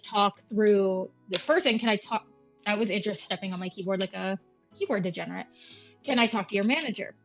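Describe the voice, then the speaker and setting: A woman's voice: medium pitch, fairly bright tone. A young woman from Canada chatting casually while playing a game, telling a story and acting out every voice in it, full of slang. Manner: chatty storytelling, acts out both sides of the conversation, slangy. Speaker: gaming streamer.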